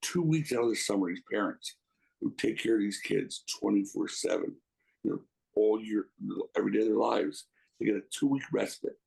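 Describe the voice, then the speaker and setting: Gravelly middle-aged man reminiscing. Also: fairly low pitch, normal speed, a little mellow, low-quality recording. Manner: rambling, emotional, many restarts. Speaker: interview guest. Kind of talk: casual reminiscing interview.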